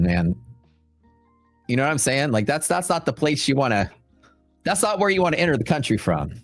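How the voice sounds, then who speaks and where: A man's voice: mid-range voice, no room sound. A man with a Texan accent hosting a trading livestream in a rambling, chatty way, full of fillers and asides. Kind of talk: casual livestream chat.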